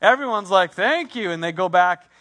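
A man with a high voice preaches, winding a personal anecdote into a sermon point. His tone is bright and forceful, and he talks animatedly, acting out his inner thoughts as he tells the story. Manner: animated storyteller, quick asides, acts out his own thoughts. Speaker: pastor.

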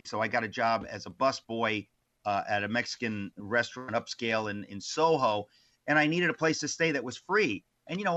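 A man guest on an interview show, telling stories from his life in a lively way with many restarts. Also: medium pitch, muffled recording. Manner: animated, many restarts and asides. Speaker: author guest. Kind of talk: casual interview storytelling.

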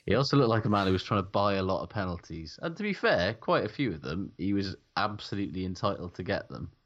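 A man's voice: sits low, sing-song, fast talker. A man co-hosting a casual sports chat, laughing often and swearing freely. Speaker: podcast co-host. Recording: dull lo-fi sound.

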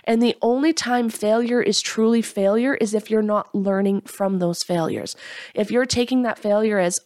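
A woman's voice: medium pitch, normal speed, darkish tone, no echo, studio quality. A woman giving an earnest, encouraging motivational talk, openly sharing her own setbacks. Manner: earnest, encouraging, self-deprecating.

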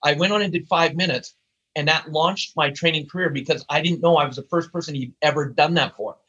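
Older guy with a high husky voice, blunt and punchy, kinda muffled audio. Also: brisk. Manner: emphatic, blunt, energetic. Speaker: guest speaker and trainer. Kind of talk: animated storytelling interview.

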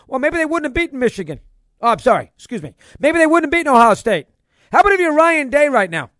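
Man, sports radio host, very high-pitched, dry close sound, excitable, emphatic. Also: no echo. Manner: emphatic and excitable, repeats points. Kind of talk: opinionated sports talk monologue.

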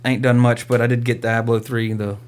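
A man's voice: mid-range voice, flat delivery, fairly quick, slight background noise. A man hosting a podcast, talking animatedly about movies and games, swearing freely and acting out quotes in silly voices. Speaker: podcast host. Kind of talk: casual movie discussion.

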